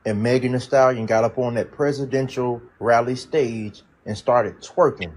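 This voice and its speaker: A man of middle pitch delivers an indignant, emphatic commentary. A faint noise sits under the recording. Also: fairly even intonation, normal speed, low-quality recording. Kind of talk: commentary clip.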